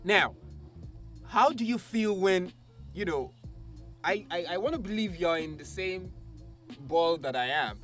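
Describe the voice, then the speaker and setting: A man hosting a casual chat, playful and animated, laughing often. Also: sits high, measured pace, long pauses, soft background music. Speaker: host.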